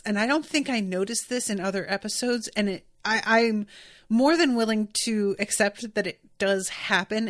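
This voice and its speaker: A woman's voice: mid-range voice, a bit bright. A woman hosting a podcast, chatting casually and rambling with lots of fillers and restarts. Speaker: podcast host. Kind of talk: casual chat reacting to an anime.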